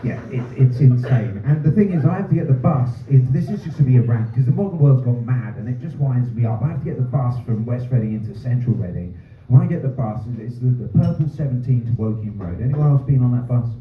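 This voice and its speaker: Ranting comic, heard from far off in an echoey pub room on a thin, phone-like recording. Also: male voice, medium pitch, quick pace, a little hiss or hum. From North London. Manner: ranting, sweary, deadpan asides. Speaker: stand-up comedian. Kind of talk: stand-up comedy set. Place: small pub comedy room. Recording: roomy, distant, phone-like sound. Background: audience laughter.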